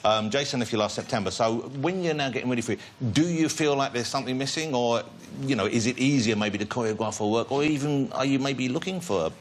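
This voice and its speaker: A man's voice: medium pitch, fast, few pauses. A man hosting a talk show, asking chatty, jovial questions. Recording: loud studio audience and noise. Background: studio audience.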